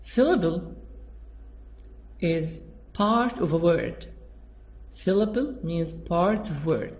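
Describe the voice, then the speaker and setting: A teacher explaining English pronunciation slowly, with lots of repetition. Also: medium pitch, expressive. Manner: slow, repetitive and patient. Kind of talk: classroom explanation.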